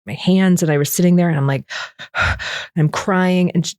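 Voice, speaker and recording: A woman's voice: lowish voice, fast talker, dry recording. Candid middle-aged woman in dry interview. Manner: earnest, quotes herself and others in animated re-enactments. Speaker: guest sharing recovery story.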